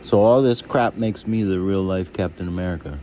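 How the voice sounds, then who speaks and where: A man telling rambling, halting stories about his childhood, jumping from one memory to the next. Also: slight background noise, rough recording. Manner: rambling, halting, restarts and jumps between stories; shouts and jumps high when acting out others. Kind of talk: rambling personal storytelling.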